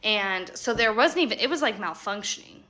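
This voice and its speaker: A young woman telling a story in a chatty, animated way, acting out the people and imitating sounds. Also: medium pitch, moderate pace, slight background noise. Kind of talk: casual storytime monologue.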